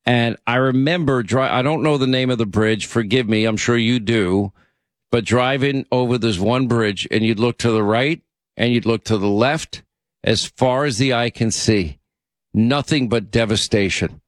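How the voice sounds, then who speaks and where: A man's voice: medium pitch, normal speed, no room sound, clean studio sound. Chatty male radio talk host. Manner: chatty, rambling and friendly with callers. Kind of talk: casual call-in radio chat.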